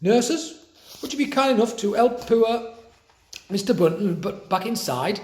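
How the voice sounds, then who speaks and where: A man's voice: high voice, lively intonation, measured pace, pitched above the performer's own voice. A man voicing a scheming female matron of a care home, sugary and sarcastic. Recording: roomy echo.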